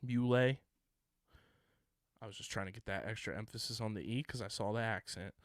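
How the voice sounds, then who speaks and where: A man's voice: fairly low pitch, fairly quick, no room sound, studio quality. A young man co-hosting a sports podcast, chatting casually and running through lists of names with lots of fillers. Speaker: podcast co-host.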